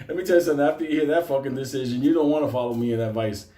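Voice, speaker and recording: A man's voice: mid-range voice, very fast. A Puerto Rican man telling a comic story in casual talk, swearing constantly and laughing as he goes. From Puerto Rico. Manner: profane, animated, laughing through his story. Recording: roomy echo.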